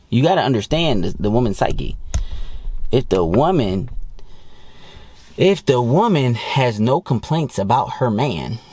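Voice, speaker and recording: A male dating coach rants bluntly, full of profanity and mockery. His pitch is mid-range but jumps around a lot. The recording is dry and close. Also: a little mellow, breathy edge, no room sound. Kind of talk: ranting advice monologue.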